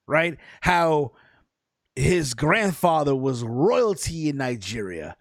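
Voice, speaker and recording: A man's voice: on the high side, big pitch swings, slow, no room sound, clean studio sound. A man co-hosting a wrestling podcast, talking loosely and rambling, with lots of swearing and "bro". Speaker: podcast co-host. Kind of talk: casual wrestling chat.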